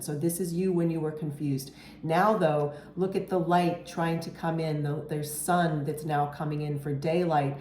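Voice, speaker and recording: A woman's voice: sits low, dark tone, reverberant, slight background noise. A woman giving an earnest, reassuring tarot reading, often checking in with "okay?" and getting emotional at times. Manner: emotional, near tears at moments. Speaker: tarot reader.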